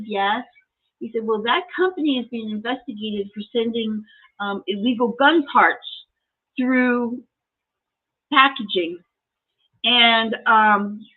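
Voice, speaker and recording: A middle-aged woman hosting a live collectibles sale, chatting casually and telling a story in an animated way. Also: fairly high pitch. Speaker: host selling collectibles. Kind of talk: casual sales chat and storytelling. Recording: tinny phone-like audio.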